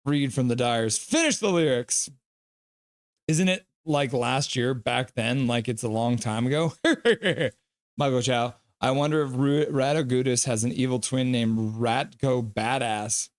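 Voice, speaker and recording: This is a middle-aged livestream host reacting to a hockey game, reading comments from viewers in a playful tone and launching into brisk play-by-play. His voice is mid-range, and the recording is dry and studio quality.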